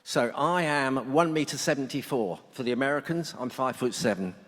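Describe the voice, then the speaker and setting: Brisk and fairly bright in tone, a middle-aged man's mid-range voice carries a humorous talk for a workshop audience. He tells his stories bluntly and with jokes, and the conference hall leaves a long reverb.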